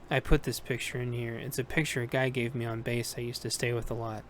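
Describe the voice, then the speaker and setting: A man's voice: mid-range voice, level tone, fairly quick, a little hiss or hum, natural voice. Man reading a wary young woman soldier. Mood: hesitant.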